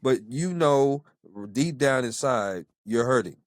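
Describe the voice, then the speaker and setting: A man's voice: mid-range voice, lively intonation, takes it slowly, dry recording, clean studio sound. A man hosting an interview podcast, affirming his guest and repeating phrases for emphasis. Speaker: podcast host.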